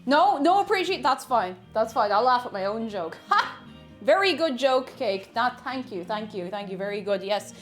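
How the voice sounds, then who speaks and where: A chatty young Irish woman, her voice sitting a little high, talking on a live stream as she bakes. She reads viewers' messages aloud and giggles along with them, while soft music plays behind her. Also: expressive, moderate pace, hardly any pauses. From Ireland. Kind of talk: casual live-stream chat while baking.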